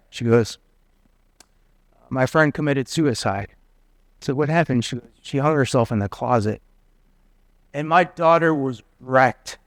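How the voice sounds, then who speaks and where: A middle-aged man preaching, his voice smooth and resonant with a slightly high pitch. He tells personal stories earnestly and acts out each line of dialogue. The sound is close and dry. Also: no room sound. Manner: earnest storytelling, quoting dialogue in lively voices. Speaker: guest preacher.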